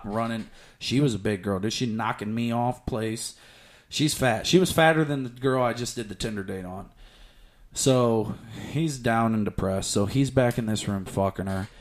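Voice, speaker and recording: A man telling a crude story on a casual podcast, swearing often and laughing as he goes. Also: lowish voice. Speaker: podcast host.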